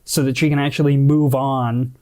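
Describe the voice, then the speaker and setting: A man's voice: medium pitch, level tone, normal speed, darkish tone, a little hiss or hum. A man co-hosting a podcast in casual chat, talking in an emphatic, blunt way and swearing freely. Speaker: podcast co-host.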